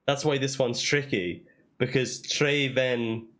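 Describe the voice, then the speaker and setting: A man's voice: mid-range voice, steady tone, slow, a bit bright. A man streaming a puzzle game, thinking aloud and sounding out made-up words in a casual way. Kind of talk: casual let's-play commentary.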